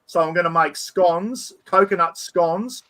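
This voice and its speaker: Male host, casual and rambling, enthusiastic, slightly higher voice. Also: a little slow, a bit bright. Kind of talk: casual chat.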